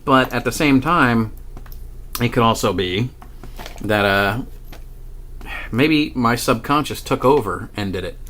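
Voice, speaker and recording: A man's voice: medium pitch, slow, pauses often, a bit bright. A man vlogging about a paranormal experience, rambling and profane as he tells the story, with frequent restarts and chuckles. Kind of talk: casual storytelling monologue.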